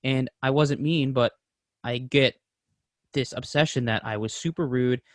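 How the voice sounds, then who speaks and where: A man's voice: medium pitch, a little slow, no room sound, clean studio sound. A man co-hosting a casual podcast, talking openly and rambling, swearing freely. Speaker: podcast co-host.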